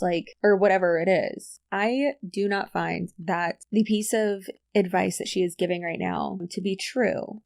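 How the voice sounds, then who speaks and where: A woman's voice: medium pitch, gravelly, darkish tone, dry recording, studio quality. A woman hosting a reaction video, bluntly and skeptically commenting on a clip.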